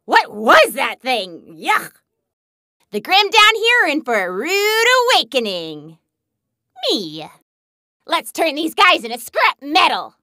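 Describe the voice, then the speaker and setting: A woman's voice: high voice, wildly swooping pitch, slow, bright, forceful tone, dry recording, clean studio sound, heavily acted. A woman voicing a hyper, gleeful young huntress in a video game who loves smashing things, bubbly and bouncy. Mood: battle-hungry. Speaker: game character.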